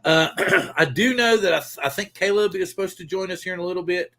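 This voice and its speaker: A man's voice: high-pitched, a little fast, bright, forceful tone. A man hosting a casual live stream, rambling loosely and greeting viewers by name. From Pacific Northwest. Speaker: livestream host.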